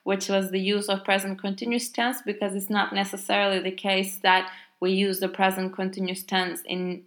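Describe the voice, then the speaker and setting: With a medium-pitched, fairly bright voice, this Turkish-accented language teacher, a native speaker of Turkish, covers grammar casually. She uses lots of fillers and exaggerates her example words.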